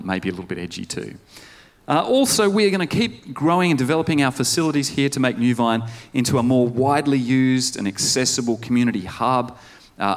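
A male pastor preaching a conversational sermon, putting questions to the congregation. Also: lowish voice. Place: church service.

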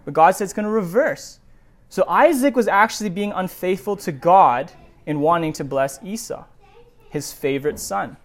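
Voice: mid-range voice, animated, normal speed. A pastor preaching a sermon, reading scripture and stressing each word, with rhetorical questions and lists. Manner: emphatic, builds lists of words, asks rhetorical questions.

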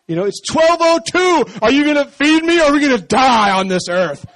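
A man's voice: very high voice, animated, a little fast, a bit bright, no room sound, pitched above the performer's own voice, full character voice. A man voicing his own complaining, hungry stomach as a melodramatic, whining figure in a sermon. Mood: whiny.

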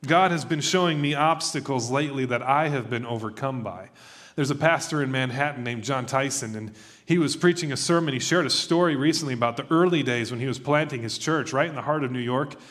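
A man preaching a sermon in a conversational, animated way, acting out quoted voices as he tells stories. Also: mid-range voice, a little fast. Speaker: pastor.

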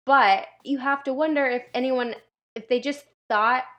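A woman's voice: high voice, steady tone, measured pace, dull audio. A woman co-hosting a casual history podcast, reacting and musing with curiosity. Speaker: podcast co-host.

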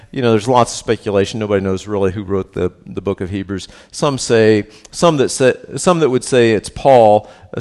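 A low, darkish voice belongs to a middle-aged pastor giving a sermon. He reads scripture and then explains it in a casual, conversational style, often tossing in a tag question and joking about himself.

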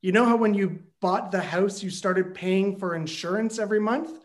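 An older father, steady and matter-of-fact, gently reminding his son of something obvious, as a man quotes him in a story. The voice is kept ordinary and even, a practical dad's calm, not a character turn. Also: sits high, moderate pace, close to an everyday voice.

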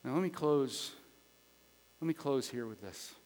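A man, a pastor, preaching a sermon in a conversational way, swinging from loud, emphatic lines to quiet, hushed ones and repeating phrases for emphasis. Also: mid-range voice, animated, measured pace. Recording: long reverb of a large hall.

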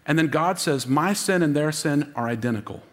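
Speaking at normal speed with lively intonation and a slightly high voice, a lead pastor preaches an emotional Easter sermon in a large hall. He calls on the congregation to answer him back.

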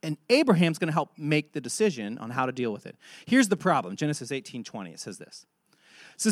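A man preaching a sermon, telling a Bible story and acting out its dialogue with animated delivery. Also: fairly high pitch, brisk, dry recording, studio quality. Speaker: pastor.

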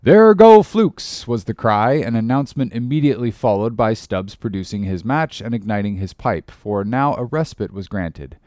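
A man narrating a classic novel in a measured, expressive reading. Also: fairly low pitch, no room sound, clean studio sound. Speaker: audiobook narrator. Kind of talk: scripted narration.

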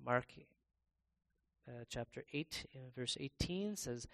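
A man preaching a sermon in a conversational way, pausing and restarting as he reads scripture aloud. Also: medium pitch. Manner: bursts into loud, excited acted-out exclamations.

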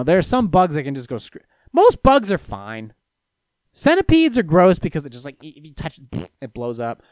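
Recorded in clean studio sound without echo, a Florida man chats loosely with his stream viewers. He swears plenty, rambles through stories, and answers chat questions, his voice rising and falling lively in pitch and loudness.

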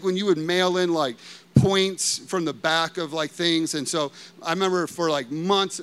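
Man, sermon, high voice, smooth and clear, chatty storytelling, asks the crowd questions. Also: a bit bright. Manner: conversational storytelling with frequent "like" fillers. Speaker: preacher.

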